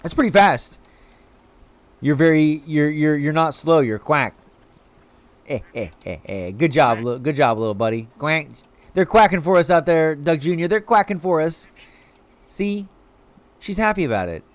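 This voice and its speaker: A man's voice: fairly high pitch, animated, moderate pace, no room sound. A man streaming a video game live, chatting casually with his viewers as he plays. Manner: chatty, talks to chat while playing.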